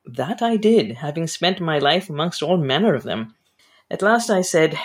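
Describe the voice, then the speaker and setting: Woman, author, interview, reading aloud, husky, animated, wide-ranging pitch. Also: a little slow. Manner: animated, expressive reader.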